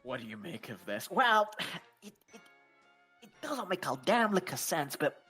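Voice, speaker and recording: A podcast co-host doing a playful impression of a male Southern gentleman detective with a put-on Southern drawl, in an echoey room. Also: mid-range voice, moderate pace, slightly rough, faint music behind, voice pushed up, exaggerated voice. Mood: amused musing. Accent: American Southern, put on. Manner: lively, theatrical, playful.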